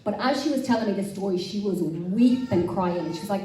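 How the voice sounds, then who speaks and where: Woman pastor, mellow tone, candid sermon storytelling, heard from a distance in a reverberant church hall. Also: mid-range voice, a little fast, few pauses, slight background noise. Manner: candid, self-deprecating storytelling. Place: church auditorium.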